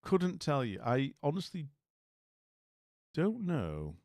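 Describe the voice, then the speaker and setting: A man's voice: a little high, huge pitch swings, slow, a little mellow, dry recording, studio quality. A man hosting a casual live chat, wry and rambling, often trailing off into mutters. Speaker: livestream host. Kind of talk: casual live chat reacting to house listings.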